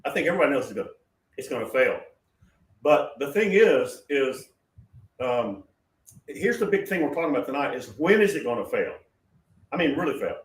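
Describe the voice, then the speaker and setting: Man rambling emphatically, far from mic. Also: a little high. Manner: rambling, emphatic, many restarts. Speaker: prophetic show host. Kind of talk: prophetic question-and-answer talk. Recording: roomy sound from far off the mic.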